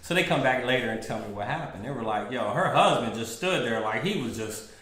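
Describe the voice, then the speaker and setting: A man's voice: mid-range voice, brisk. A man hosting a podcast, telling a story in a casual way and acting out both sides of it. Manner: animated, acts out both sides of his stories. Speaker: podcast host. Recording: echoey room.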